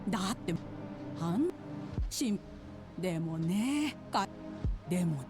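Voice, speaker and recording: An actress voicing a bitter woman in a game scene, speaking in halting, broken-off accusations. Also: lowish voice, expressive. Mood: accusing. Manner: halting, cut-off accusatory lines. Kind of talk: Japanese game voice acting. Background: game music.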